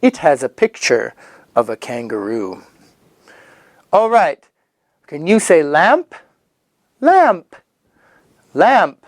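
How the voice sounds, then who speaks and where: A man teaching young children English vocabulary, sing-song and animated, drawing out and repeating each word. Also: a little high, dry recording, clean studio sound. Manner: animated, sing-song, drawn-out repetition of words.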